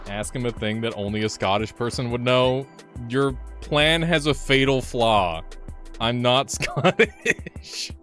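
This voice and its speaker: A young man streaming a game, telling a story in a casual, animated way, swearing freely, laughing often and jumping higher when excited. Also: unhurried, soft background music. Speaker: gaming streamer. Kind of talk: casual live-stream chat.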